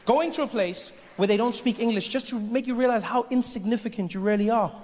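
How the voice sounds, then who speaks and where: High-voiced man doing stand-up. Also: a little fast. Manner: animated storyteller, leaps into character voices. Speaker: stand-up comedian. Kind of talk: stand-up comedy routine. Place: comedy stage before a live audience. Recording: echoey venue with faint noise.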